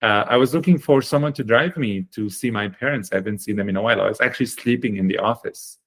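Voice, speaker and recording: A man with a fairly low voice tells his story as a podcast guest. He talks in an earnest, animated way and leans on fillers while he gathers his thoughts. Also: quick pace. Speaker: guest, chocolate company founder.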